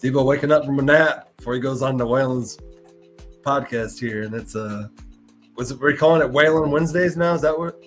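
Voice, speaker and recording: A man's voice: mid-range voice, fairly quick, a bit bright, soft background music. A man hosting a live podcast, talking in an earnest, emotional way and often stopping to repeat and restart his words. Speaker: podcast host.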